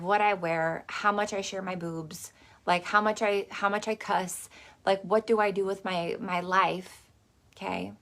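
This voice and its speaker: A woman's voice: lowish voice, vocal fry, a bit bright. A woman hosting a motivational masterclass in a casual, chatty, salty way, dropping lots of "like" and "okay". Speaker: host.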